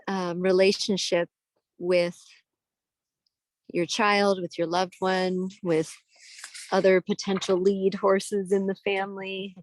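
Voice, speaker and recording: A woman co-host asking the audience gentle, inviting questions. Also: medium pitch, level tone, takes it slowly, long pauses, no room sound.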